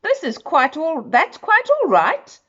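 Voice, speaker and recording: A woman's voice: high voice, huge pitch swings, slow pace, fairly bright tone, muffled recording, pitched above the performer's own voice, exaggerated voice. A woman voicing a timid, kind-hearted man in a storybook who stammers nervously. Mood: amazed.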